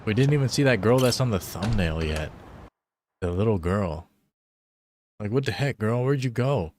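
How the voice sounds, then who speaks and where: A man's voice: lowish voice, expressive, moderate pace, darkish tone, slight background noise. A man joking loosely in slang while live-streaming a game. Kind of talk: casual live-stream commentary.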